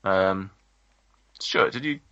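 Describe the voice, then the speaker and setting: A man's voice: sits low, slow, pushed and bright, no room sound. A man co-hosting a podcast, chatting casually and rambling with lots of ums and restarts. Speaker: podcast co-host. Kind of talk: casual chat. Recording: dull lo-fi podcast audio.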